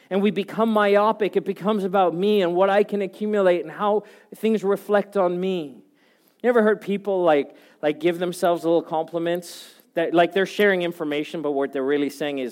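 A man preaching a sermon, moving between loud, urgent passages and soft, hushed ones. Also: fairly high pitch, moderate pace. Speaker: pastor.

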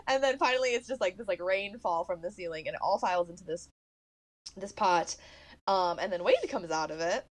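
A young woman co-hosting a podcast, retelling a film's plot in casual chat, animated and full of "like" fillers, laughing often. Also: lowish voice, a little fast. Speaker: podcast co-host. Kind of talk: casual movie recap chat.

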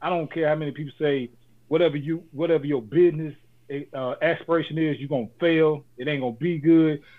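A man's voice: on the high side, fairly even intonation, fairly quick. A man co-hosting a casual podcast, talking in a laid-back, joking way and giving motivational advice. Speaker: podcast co-host. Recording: phone-like lo-fi audio.

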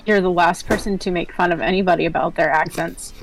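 A woman's voice: lowish voice, fairly even intonation, fast, over music, low-quality recording. A woman playing in a tabletop game who makes dry, teasing remarks. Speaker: player. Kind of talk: casual tabletop role-play.

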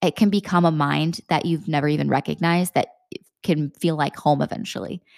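A young woman with a low voice talks earnestly as a mindset coach for mothers. She keeps stacking questions and drops the occasional swear word. The recording is dry and close. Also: steady tone, a little fast, gravelly, darkish tone, dry recording. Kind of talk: motivational talk.

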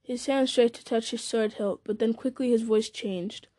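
A woman narrating a fantasy novel aloud in a steady, measured storytelling manner. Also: a little high, no room sound. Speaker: audiobook narrator.

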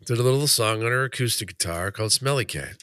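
A man with a stuffy head cold, chatting easygoing on a podcast, his voice drifting softer at the ends of lines. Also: mid-range voice, animated, quick pace, slight background noise. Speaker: podcast co-host. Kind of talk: casual chat.

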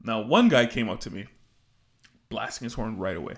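A young man co-hosting a podcast, telling a work story in a rambling, animated way with frequent restarts. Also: on the low side, a little fast, pauses often. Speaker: podcast co-host. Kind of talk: casual storytelling chat.

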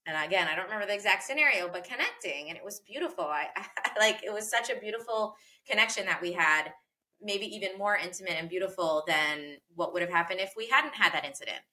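A woman's voice: lowish voice, lively intonation, fast, pushed and bright. A woman speaking earnestly and reflectively in a casual podcast conversation about parenting, with frequent fillers and repeated phrases.

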